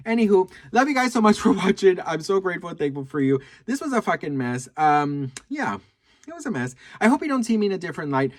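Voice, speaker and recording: A man telling a gossipy story to camera, sassy and animated, swearing freely and calling his viewers "girl.". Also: high voice, quick pace. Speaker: video creator.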